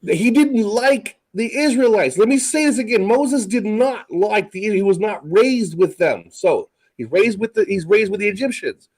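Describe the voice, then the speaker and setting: A man's voice: high voice, expressive, normal speed, few pauses, a little mellow, slightly rough, poor audio. A man hosting a casual talk show, reading scripture aloud with stumbles and swearing sarcastically. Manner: profane, sarcastic, stumbling rereads. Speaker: podcast host.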